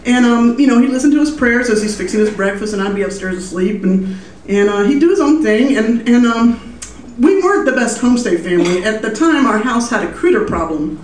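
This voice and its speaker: On stage at a small music venue, a chatty woman tells a personal story, loose and self-amused with lots of fillers, her voice on the high side, a little fast, darkish, and lively in intonation. She reaches the mic from well back, washed in the roomy live echo with a faint murmur of the place and a little hiss or hum.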